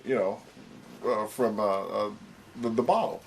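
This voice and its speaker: A man's voice: fairly low pitch, fairly even intonation, a little slow, slight background noise. A man in a documentary interview, telling an anecdote in a rambling way, full of uh and um. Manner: rambling storyteller, many fillers.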